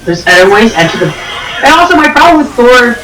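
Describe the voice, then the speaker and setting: A man giving chatty, excitable let's-play commentary over a video game, sometimes pleading and whiny. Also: extremely high pitch, fast talker, recorded from a distance, slight background noise. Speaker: gaming YouTuber. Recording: echoey room with game music behind. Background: game music.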